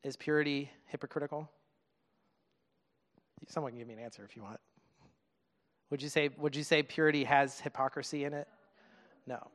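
A man in his thirties preaching a sermon to a congregation, earnest and conversational, halting often to restart his thought. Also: on the high side, steady tone, fairly bright tone. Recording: long reverb of a large hall.

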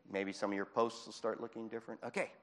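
A male preacher delivering a lively sermon. He acts out Bible scenes and chuckles between points. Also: on the low side, big-room sound.

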